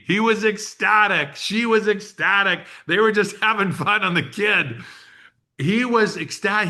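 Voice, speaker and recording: A man in his sixties giving a business workshop, telling a story in an animated way and acting out the quotes. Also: sits high. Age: 60s. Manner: animated storyteller who acts out quotes and laughs. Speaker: workshop presenter.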